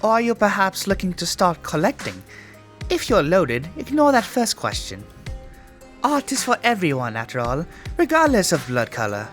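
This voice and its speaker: A man voicing a sly, flirtatious female troll gallery owner in a nasal mock French accent, with smooth, teasing salesmanship. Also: high-pitched, huge pitch swings, moderate pace, fairly bright tone, faint music behind, exaggerated voice.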